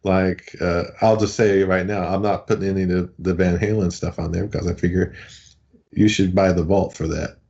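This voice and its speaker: A man co-hosting a casual podcast, with a very low voice. He rambles and circles back on his words. His audio comes through dull and lo-fi. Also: fairly even intonation, normal speed, vocal fry, darkish tone. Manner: rambling, hesitant. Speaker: podcast co-host.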